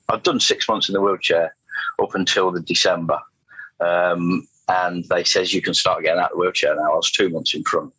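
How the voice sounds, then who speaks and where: A man's voice: sits low, bright, forceful tone, breathy edge, dry recording, low-quality recording. A middle-aged man, telling his story as an interview guest in a rambling way. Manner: rambling, anecdotal, frequent restarts and fillers. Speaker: guest, motorcycle test rider.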